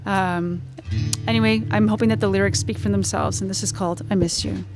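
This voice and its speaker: Between songs at a live show, a woman singer-songwriter talks briskly in a mid-range voice with fairly even intonation. Her thoughts wander off and come back as guitar music plays beneath this live concert recording.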